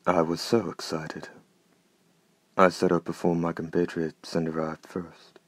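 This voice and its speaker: A man voicing a soft-spoken, menacing, courtly male night stalker in an audiobook. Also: low-pitched, level tone, measured pace, dry recording. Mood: moved, exultant. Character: gloomy, gorgeous-voiced male night stalker. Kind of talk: audiobook character reading.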